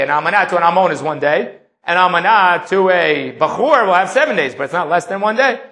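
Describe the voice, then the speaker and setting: Bright, high-voiced man teaching Talmud. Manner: explanatory, reads Aramaic then translates. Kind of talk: Talmud lecture.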